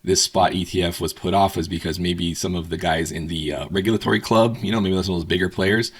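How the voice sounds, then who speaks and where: A man's voice: low-pitched, fast talker, breathy edge. A man co-hosting a market show, talking casually with many fillers. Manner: relaxed, many fillers like um and you know. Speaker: co-host.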